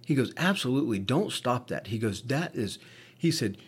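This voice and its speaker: A man's voice: medium pitch, animated, normal speed, husky. Swearing man telling stories. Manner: profane storytelling with many restarts. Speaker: podcast co-host, paramedic. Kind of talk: casual chat.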